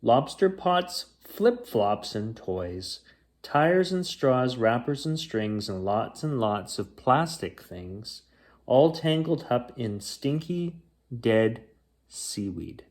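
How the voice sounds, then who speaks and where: A man reading a children's picture book aloud at bedtime. He reads slowly, and his voice rises and falls a lot to bring the story alive. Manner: slow, expressive reading with lively pitch.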